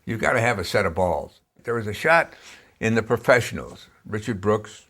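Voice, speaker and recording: A man's voice: on the low side, expressive, normal speed, fairly bright tone. An older man being interviewed, telling film-set stories in a blunt, salty, emphatic way. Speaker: cinematographer interviewee. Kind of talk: anecdotal interview storytelling.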